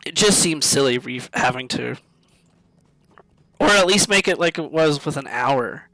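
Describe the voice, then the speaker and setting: A male streamer thinks aloud slowly while playing, often trailing off and restarting. His voice is bright and fairly high, recorded dry and close with keyboard typing behind. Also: expressive, dry recording. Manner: slow, musing, halting, self-talk. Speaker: game streamer. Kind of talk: casual live-stream commentary.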